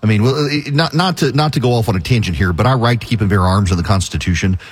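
A man's voice: lowish voice, fast, breathy edge. A middle-aged man hosting a call-in radio show, slightly out of breath, talking in a rambling way with wry asides. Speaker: radio talk show host.

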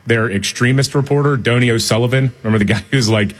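Talk radio guy, kinda low and husky, snarky, laughs a lot. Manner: opinionated, sarcastic, quick to laugh. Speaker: radio talk show co-host. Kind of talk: casual political talk radio chat.

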